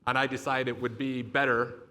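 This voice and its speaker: A man's voice: medium pitch, flat delivery, moderate pace, bright, forceful tone. A young adult man giving a motivational keynote speech, telling a personal story in an emphatic, profane and confessional way. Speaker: motivational speaker.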